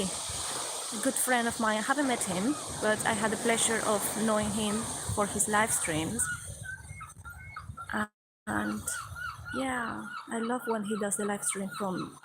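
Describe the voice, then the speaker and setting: A woman's voice: a little high, a little slow, pauses often, background noise. Venezuelan woman streaming from the seaside. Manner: chatty, greets viewers by name. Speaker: live streamer. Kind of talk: casual live stream chat. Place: seaside outdoors at sunrise. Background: waves on pebbles.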